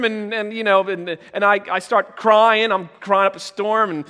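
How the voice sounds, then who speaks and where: Man, pastor, sermon, high voice, conversational with bursts of shouting, long church-hall reverb. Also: a little fast, few pauses. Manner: conversational, acts out quoted voices with sudden loud shouts. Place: church sanctuary.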